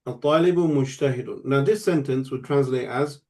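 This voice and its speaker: A man leads an online grammar class over a computer mic. His voice is mellow and warm, sitting at an ordinary middle pitch. He explains patiently, step by step, and often stops to check that his student is following. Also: quick pace. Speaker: Arabic teacher.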